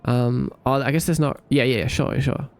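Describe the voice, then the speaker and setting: Sleepy, gravelly-voiced male streamer. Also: mid-range voice, normal speed, faint music behind. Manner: relaxed, rambling, thinks aloud, hums to himself. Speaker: streamer coding a game. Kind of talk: casual live-stream chat while coding.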